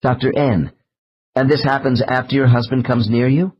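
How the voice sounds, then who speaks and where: A man narrating an audiobook in a measured, slow reading of case transcripts. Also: mid-range voice, steady tone, dull audio, a little hiss or hum. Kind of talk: scripted narration.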